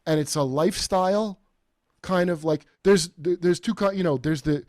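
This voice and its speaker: A man's voice: high voice, moderate pace, darkish tone, no echo, studio quality. A man hosting a podcast, talking in a rambling, profane, mocking way and putting on quoted voices. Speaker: podcast host. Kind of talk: casual comedic chat.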